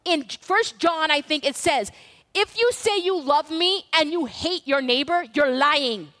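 A woman's voice: sits high, measured pace, a bit bright, long reverb tail. A woman pastor preaching a sermon in a church, telling a personal story in a conversational way and acting out the dialogue. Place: church sanctuary.

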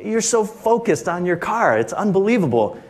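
A man's voice: high-pitched, very animated, moderate pace. A man voicing a female police officer who scolds in disbelief. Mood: incredulous.

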